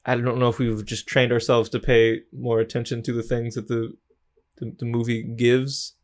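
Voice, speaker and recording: A young man co-hosting a movie podcast, joking around with folksy turns of phrase. His voice sits at an ordinary middle pitch for a man. He rambles a bit and restarts his thoughts as he goes. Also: little pitch movement, normal speed. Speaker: podcast co-host. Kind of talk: casual movie chat.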